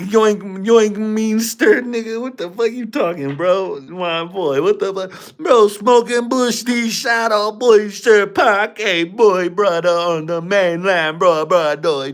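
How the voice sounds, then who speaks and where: Dude doing a high goofy fake jamaican accent, singsong babble, kinda loud. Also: male voice, slow. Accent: put-on Jamaican. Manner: singsong, babbling nonsense words. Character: goofy rambling man with a put-on island accent.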